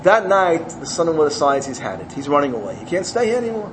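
High-voiced man telling a parable. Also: fast talker, noisy background. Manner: animated storytelling, acts out characters. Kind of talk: telling a parable in a religious talk.

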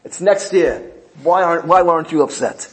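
A woman's voice: lowish voice, moderate pace, voice pushed up, close to an everyday voice. A man voicing an upset wife who insistently repeats her questions. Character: upset middle-aged wife, fretting over a broken item.

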